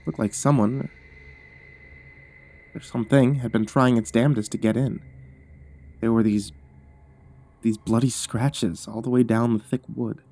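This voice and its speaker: A man keeps a steady tone while reading out a first-person horror story, his pacing careful and his voice soft, going lower when things turn tense.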